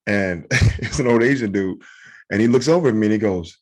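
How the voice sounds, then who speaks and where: Lively comedian man telling stories. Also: lowish voice, quick pace. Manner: animated, acts out voices in anecdotes. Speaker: podcast co-host, comedian. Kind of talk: casual storytelling chat.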